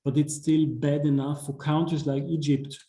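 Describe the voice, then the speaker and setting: A middle-aged man speaks in English over a video call, his voice very dark and mellow. He talks in a measured, halting way, full of "uh" and "um" and restarted phrases. The sound is roomy, with a clear echo from the space around him. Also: on the high side, level tone. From Austria. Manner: measured, many fillers and restarts. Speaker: guest speaker, ambassador. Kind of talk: online talk, lecture.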